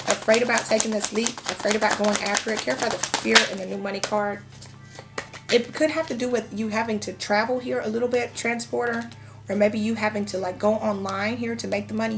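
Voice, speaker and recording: A woman's voice: a little high, noisy background. A woman in her thirties giving a casual tarot reading, talking frankly and chatting with lots of fillers. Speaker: tarot reader.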